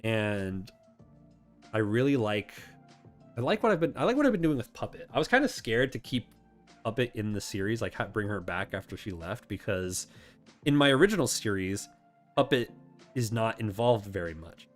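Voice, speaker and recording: Male host, casual Q&A stream, low voice with lively swings, rambling and quick to laugh, faint music behind. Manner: chatty, rambling, self-correcting, laughs often. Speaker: channel host answering viewer questions. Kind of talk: casual live chat.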